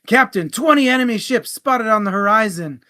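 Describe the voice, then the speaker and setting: An alert first mate calls out his reports to the captain, as a man acts him out in a joke. His voice is bright and forceful and pitched a little high. He speaks in a raised, reporting tone. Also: lively intonation, normal speed. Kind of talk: telling a joke.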